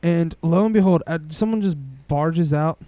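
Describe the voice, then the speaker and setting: Young man, rambling excitable storyteller, raised pitch, mellow dry sound. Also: moderate pace, no room sound. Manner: rambling, excitable, swears often. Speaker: podcast co-host. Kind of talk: casual storytelling chat.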